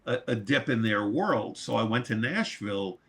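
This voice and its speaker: With a medium pitch, normal speed, and some vocal fry, a New York man who produces and mixes records spins a lengthy story during an interview. He gets animated, cusses without restraint, and breaks into laughter mid-tale.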